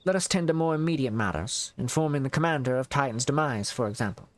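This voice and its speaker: A man voicing a solemn, formal male official in a game, reading in a measured way. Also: medium pitch, expressive, dry recording, natural voice.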